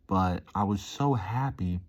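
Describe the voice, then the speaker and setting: A man's voice: low voice, measured pace. A man rambling casually in a vlog, upbeat and easily hyped, dropping "dude" and "man" into almost every line. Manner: laid-back, peppers talk with "dude" and "man". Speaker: vlogger.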